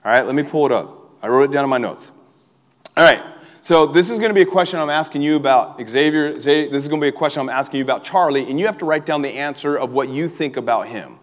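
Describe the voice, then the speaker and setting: A young man preaching an energetic sermon as a youth pastor, animated and laughing often as he calls on the crowd to respond. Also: fairly high pitch, fast. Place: church hall with a live audience. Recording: reverberant hall.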